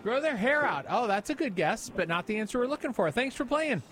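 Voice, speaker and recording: A man hosting a morning radio call-in game, upbeat and brisk, with quick friendly sign-offs. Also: very high voice, sing-song, a bit bright, faint music behind.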